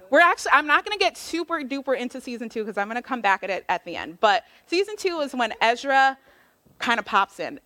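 A woman's voice: mid-range voice, a bit bright. A woman preaching a casual sermon, retelling a Bible story in a chatty, slangy way and acting out the quoted lines with little voices.

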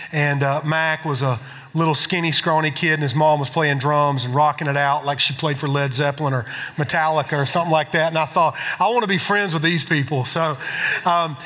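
Bright high-voiced preacher. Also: male voice, steady tone, fairly quick. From South Carolina. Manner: chatty, joking, emotional asides. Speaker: guest preacher. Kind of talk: sermon introduction. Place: large church hall. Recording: hall echo from pulpit mic.

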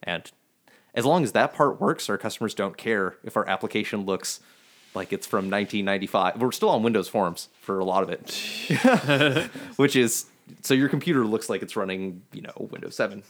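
A man, a software engineer, explaining his work in a casual podcast chat, halting and restarting, then rushing ahead. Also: lowish voice, animated.

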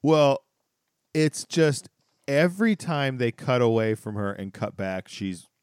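A man's voice: medium pitch, expressive, slow, smooth, no echo, clean studio sound. A man co-hosting a podcast, chatting casually about a sitcom episode with rambling restarts and laughing asides. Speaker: podcast co-host. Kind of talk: casual chat recapping a sitcom.

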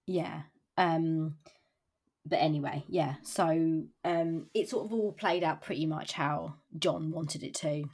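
Brief: husky, lowish woman, hesitant casual co-host. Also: slow, a little mellow. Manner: hesitant, many fillers and restarts. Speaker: podcast co-host. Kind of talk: casual book discussion.

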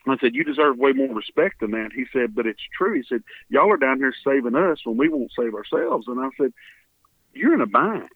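A Texan man tells his story earnestly over a tinny phone line, his gravelly voice rising and falling widely. He acts out the people he quotes with feeling, and the line sounds dry and close. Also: mid-range voice, animated, fairly quick, few pauses, no echo. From Texas. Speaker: guest. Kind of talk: telling a story in a radio interview.

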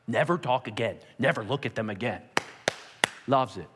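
A male pastor delivering a sermon and prayer, swinging between loud urging and quiet emphasis. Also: medium pitch, animated, moderate pace, pauses often, big-room sound, background noise.

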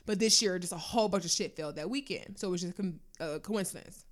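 A young woman telling a personal story in casual chat, animated and freely swearing. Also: fairly low pitch, fast talker.

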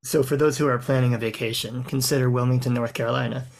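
A man from the American South, a rabbi hosting an interview with reflective, measured questions. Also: medium pitch, steady tone, creaky. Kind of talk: conversational interview.

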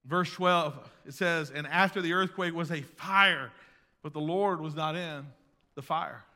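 A man preaches a sermon in a church sanctuary, his voice ringing with a long hall reverb. His tone is bright and fairly high, and he moves between loud, driving emphasis and quiet, hushed asides. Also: measured pace. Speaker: pastor.

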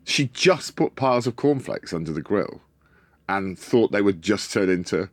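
A man with a low, rumbling voice tells stories with wide swoops in pitch. He acts out the people in his tales as he goes. The sound is close and dry. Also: moderate pace, dry recording. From Wales. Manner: animated raconteur who acts out voices. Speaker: guest. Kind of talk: storytelling in a casual chat.

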